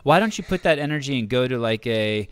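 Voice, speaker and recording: A man's voice: mid-range voice, expressive, brisk, fairly bright tone, clear, resonant tone. A man in casual conversation, venting animatedly with stumbles and restarts.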